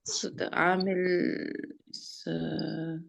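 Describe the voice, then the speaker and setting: A woman student in an online class, answering in an unsure, halting way. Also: fairly low pitch, flat delivery, creaky.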